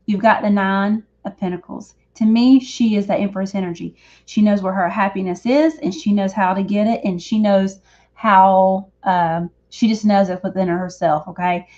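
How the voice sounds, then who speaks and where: A chatty woman lays out tarot cards on a live stream, talking in a loose, rambling way and correcting herself as she goes. Her voice sits at a middle pitch. The stream audio is dull and lo-fi. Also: normal speed, a little mellow. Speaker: psychic reader. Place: back room of a shop.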